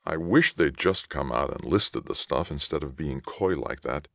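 A man's voice: a bass voice, expressive, moderate pace, gravelly, no room sound, heavily acted. A man voicing a friendly, patient young soldier back home, talking in a mild, easygoing way.

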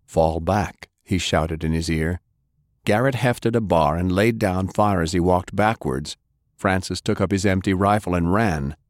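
A man narrating an action audiobook, jumping in pitch as he voices the characters. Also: moderate pace, dry recording, studio quality. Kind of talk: dramatic audiobook reading.

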